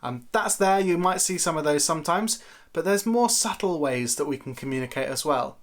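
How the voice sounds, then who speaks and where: A man's voice: a little high, animated, moderate pace. A man giving a conversational, lightly playful Bible teaching talk to camera for a church video series.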